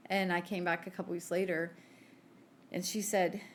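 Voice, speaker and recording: A woman with a fairly low voice tells a personal faith story on a podcast. She is an animated storyteller who acts out the back-and-forth of her conversations. A faint hiss sits under her voice. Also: normal speed. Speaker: podcast co-host.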